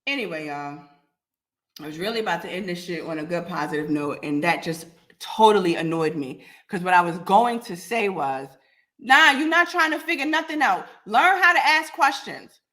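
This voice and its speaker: A woman's voice: fairly low pitch, lively intonation, moderate pace, bright, forceful tone. A woman hosting a live podcast, talking bluntly and confrontationally with heavy swearing. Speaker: podcast host.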